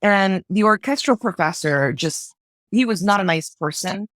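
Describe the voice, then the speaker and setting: A woman's voice: mid-range voice, expressive, moderate pace, a bit bright, no echo. Guest: woman conductor, middle-aged, emphatic storyteller, stammers when moved, dry close sound. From Los Angeles. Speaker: podcast guest, orchestra conductor. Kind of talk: casual interview storytelling.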